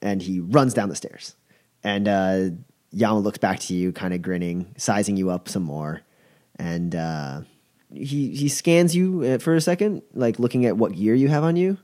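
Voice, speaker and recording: A man's voice: fairly low pitch, expressive, moderate pace, mellow. A young man narrating a tabletop game as game master, rambling with lots of fillers. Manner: rambling with many fillers, chuckling.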